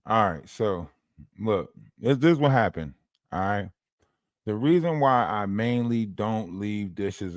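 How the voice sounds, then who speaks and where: A man hosting a livestream tells a story with lots of animation, his pitch climbing and dropping as he goes. He checks in with the chat again and again. The sound is close and dry. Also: dry recording. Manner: animated, keeps asking the chat "you hear me?". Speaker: livestream host.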